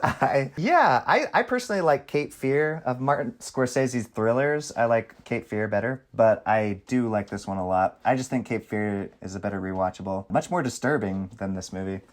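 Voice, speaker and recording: A man's voice: mid-range voice, expressive, normal speed, few pauses. A man co-hosting a casual movie-review chat, earnest and stammering as he restarts his thoughts. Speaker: podcast co-host.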